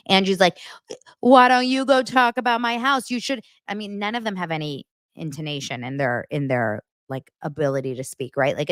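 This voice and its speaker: A woman with a fairly low voice chats through a reality-TV recap, gossipy and expressive, slipping into the cast's lines as she goes. The sound is dry and close, with no room around it. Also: no room sound. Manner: gossipy and expressive, acts out quotes. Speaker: podcast host. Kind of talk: casual reality-TV recap chat.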